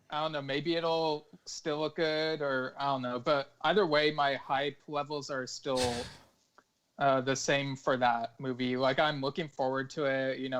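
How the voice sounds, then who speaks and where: A man's voice: medium pitch, fairly bright tone, smooth. A man co-hosting a podcast, speaking hesitantly with many fillers. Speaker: podcast co-host. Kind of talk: casual panel chat.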